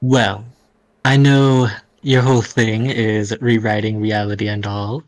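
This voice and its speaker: A man's voice: on the low side, level tone, measured pace, dry recording, low-quality recording. A man playing his character in a tabletop game, casual and a bit hesitant. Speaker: player.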